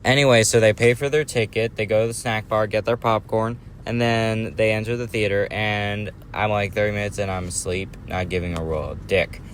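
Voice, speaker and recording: A man telling a crude comic story in a rambling, deadpan way. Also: fairly low pitch, slight background noise. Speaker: comedy storyteller. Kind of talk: comic storytelling over game footage.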